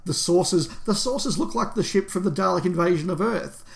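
A man's voice: sits high, expressive, a little fast, gravelly. A man co-hosting a fan podcast, talking enthusiastically and in detail in casual discussion. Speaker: podcast co-host.

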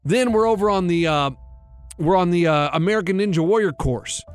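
A man's voice: high-pitched, a little fast, faint music behind. A man in his thirties, a radio show co-host, telling a rambling story and acting out the voices in it. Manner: rambling animated storytelling, acts out quotes. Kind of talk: casual chat, storytelling.

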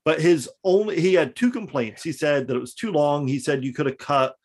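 A man's voice: on the high side, fairly quick, darkish tone, breathy edge. A young American man co-hosting a podcast, easygoing and agreeable, chatting casually. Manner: easygoing, agreeable, chuckles often. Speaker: podcast co-host. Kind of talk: casual chat.

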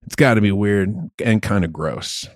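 A man co-hosting a casual podcast chat, talking in an animated, emphatic way. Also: fairly low pitch, moderate pace, no room sound, studio quality. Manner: animated, emphatic, gets loud when worked up. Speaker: podcast co-host.

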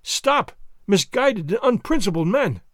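Man voicing a desperate young man, overwrought, shouting, high wide-ranging voice. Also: very animated, measured pace, no echo, clean studio sound, full character voice. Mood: frantic.

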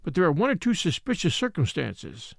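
A man's voice: on the high side, wildly swooping pitch, fairly quick, creaky, no echo, clean studio sound, heavily acted. A man reading the part of a formal, severe middle-aged French magistrate. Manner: formal, polite but severe. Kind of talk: audiobook character reading.

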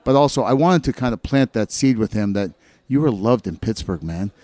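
Animated storytelling man, dry close sound. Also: on the low side, fairly quick, dry recording. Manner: animated storyteller, acts out quoted voices. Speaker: former hockey teammate telling stories. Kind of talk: casual storytelling chat.

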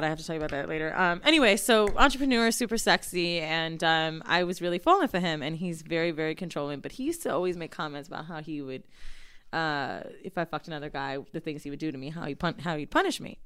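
Profane storytelling young woman, smooth low voice. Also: fast talker. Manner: profane, animated storyteller acting out quotes. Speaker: podcast co-host. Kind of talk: explicit casual chat and storytelling.

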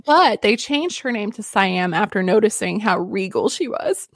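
Lively chatty woman podcaster. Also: medium pitch, moderate pace, no room sound, clean studio sound. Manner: chatty, giggly, lots of fillers. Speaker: podcast host. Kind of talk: casual history podcast storytelling.

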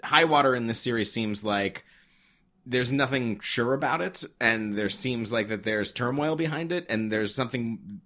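A man's voice: medium pitch, moderate pace, sharp tone. A man co-hosting a casual podcast chat, talkative and analytical, often restarting his sentences. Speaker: podcast co-host.

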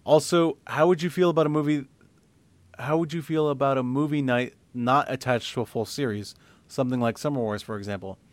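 A man's voice: mid-range voice, brisk, no echo. A man co-hosting a casual podcast, joking around and reading listener questions aloud. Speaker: podcast co-host.

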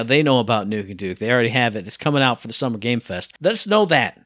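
A man co-hosting a casual podcast, playful and rambling, getting excitable as he talks. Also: a little high, no room sound, studio quality. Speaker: podcast co-host.

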